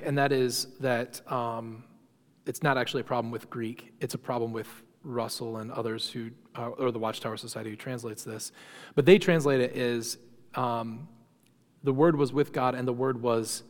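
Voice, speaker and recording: A man's voice: medium pitch, moderate pace. A man teaching an informal church class, talking conversationally with many fillers and restarts. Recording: long reverb of a hall.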